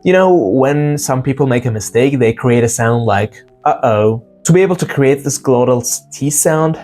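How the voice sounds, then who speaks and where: A man giving a casual pronunciation lesson, explaining sounds and slowly repeating example words to demonstrate them. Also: mid-range voice, darkish tone, soft background music. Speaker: English pronunciation teacher.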